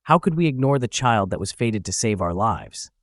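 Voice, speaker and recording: Older sect master, steady and commanding, read by a man, dry close sound. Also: on the low side, normal speed, no echo. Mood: solemn. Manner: steady and authoritative. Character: calm, authoritative elderly sect master.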